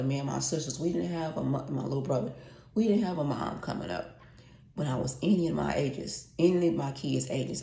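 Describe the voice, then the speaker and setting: A woman in her late forties speaks straight to her viewers in a low, gravelly voice. She is blunt and heartfelt, cursing freely and circling back over the same points. The room around her is echoey. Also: warm tone. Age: late 40s. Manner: blunt, profane and heartfelt, repeats herself. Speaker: vlogger. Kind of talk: candid storytime monologue.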